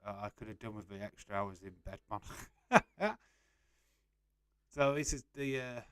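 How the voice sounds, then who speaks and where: A man's voice: fairly low pitch, measured pace, a bit bright, clean tone, no echo. A young man casually hosting a live stream, reading out and answering chat messages and laughing often.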